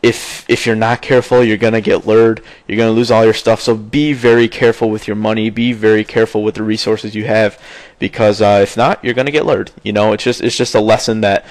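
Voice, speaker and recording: A young man talks loosely and informally about his gaming days. He leans on filler words and swears freely. His voice sits a little low, and the recording is dry with no room sound. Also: little pitch movement, fairly quick, no room sound. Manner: rambling, heavy on fillers, swears often. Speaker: gaming video maker. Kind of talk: casual nostalgic gaming chat.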